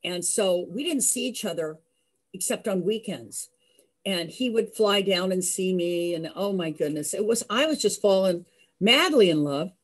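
An older woman telling a personal story in a lively way, acting out the voices of the people in it. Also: medium pitch, moderate pace. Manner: lively, acts out voices, laughs. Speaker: storyteller host.

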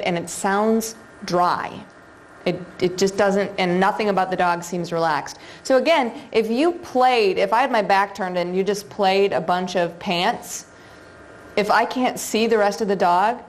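A woman's voice: medium pitch, a little hiss or hum. A woman teaching a live seminar, talking conversationally to the audience with frequent fillers and questions. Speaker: seminar instructor on dog behavior.

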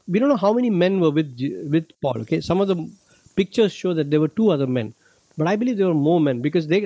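Guy from india doing a bible lesson for kids, high voice, dry close sound, keeps asking okay?. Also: mellow, dry recording, poor audio. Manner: patient, explanatory, checks understanding with "okay?". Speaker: youth ministry director teaching a Bible club.

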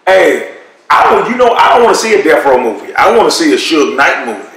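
A man's voice: a little high, a little fast. A man in his thirties telling a story in casual, profane chat, acting out quoted voices. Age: 30s. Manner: animated, profane, jumps into loud quoted voices. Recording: very echoey room, mic far off.

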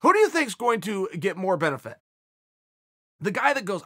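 Forceful, bright-voiced man, blunt. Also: high voice, sing-song, normal speed, long pauses, no room sound, clean studio sound. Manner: blunt, emphatic, swears for emphasis. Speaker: motivational speaker. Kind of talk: motivational speech.

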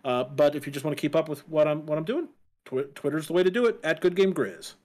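A young man co-hosting a casual live-stream talk show, relaxed and easygoing, laughing often. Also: on the high side, quick pace. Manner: easygoing, plugs his channels, laughs often. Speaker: co-host.

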